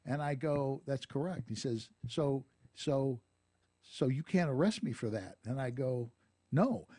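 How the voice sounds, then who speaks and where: A man hosting a radio talk show, telling a police story in a lively, laughing way. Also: medium pitch, a little slow, dry recording, studio quality. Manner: storytelling, animated, laughs often. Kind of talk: casual radio chat, anecdote telling. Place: radio studio.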